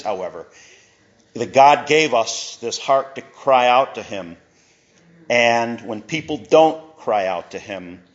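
A middle-aged pastor preaches in a relaxed, conversational way, with chuckles and asides. His voice sits at a middle pitch for a man. The recording is dull and lo-fi. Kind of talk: sermon.

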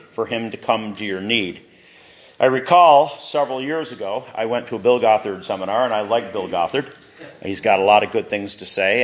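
A middle-aged pastor preaches in a relaxed, conversational way, with chuckles and asides. His voice sits at a middle pitch for a man. The recording is dull and lo-fi. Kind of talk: sermon.

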